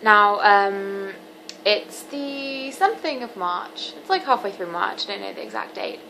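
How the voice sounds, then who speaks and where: A seventeen-year-old woman talking candidly to camera in a personal vlog, earnest and halting with frequent ums. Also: medium pitch, lively intonation, creaky, pushed and bright, a little hiss or hum, low-quality recording. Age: teens. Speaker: vlogger.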